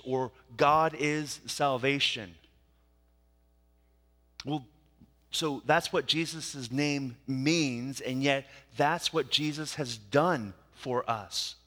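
A man preaching a sermon as pastor, speaking deliberately and repeating key phrases for emphasis. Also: mid-range voice, a bit bright. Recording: reverberant hall.

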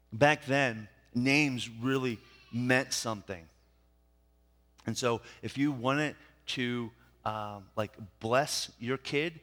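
A man preaches a sermon at an unhurried pace, leaning on repeated phrases to drive each point home. His voice sits in an ordinary middle pitch, and it rings out with a long reverb, as if in a large church sanctuary. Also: fairly bright tone. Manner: slow, deliberate, repeats key phrases for emphasis. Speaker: pastor. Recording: reverberant hall.

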